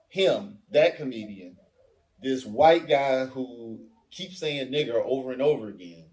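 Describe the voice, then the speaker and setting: A man in casual podcast talk, telling stories animatedly and acting out what others said. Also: medium pitch. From Africa. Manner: animated storyteller, acts out quoted voices. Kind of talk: casual discussion.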